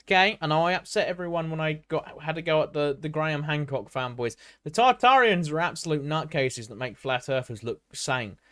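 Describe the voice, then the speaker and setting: A man's voice: fairly high pitch, expressive, a little fast, hardly any pauses, a bit bright, dry recording, studio quality. A man streaming live, reading a history article aloud and breaking off to chat with viewers. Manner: reads aloud with many restarts and asides; chatty, answers live chat.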